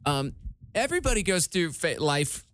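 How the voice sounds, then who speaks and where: A man's voice: fairly high pitch, very animated, normal speed, a bit bright, no echo. Midwestern man, radio co-host, playful teasing banter, dry close mic. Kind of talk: casual chat.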